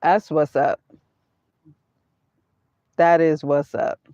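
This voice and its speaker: Slow-talking woman chatting on a livestream. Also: low-pitched, little pitch movement, mellow, no echo. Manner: repeats her phrases, laughs often, talks straight to chat. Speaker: vanlife vlogger hosting a livestream. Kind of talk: casual livestream chat with viewers. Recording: dull lo-fi sound.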